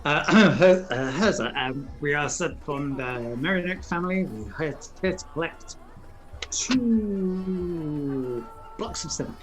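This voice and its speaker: A tabletop game player with a mid-pitched voice speaks in character. The delivery is courteous and slightly hesitant. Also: animated, slow, soft background music, low-quality recording.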